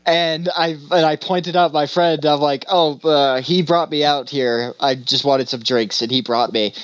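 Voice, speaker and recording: A man co-hosting a podcast, telling a rambling story in casual chat and laughing often, with a deadpan delivery when quoting himself. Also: fairly high pitch, moderate pace, clear, resonant tone, no echo, muffled recording. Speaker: podcast co-host.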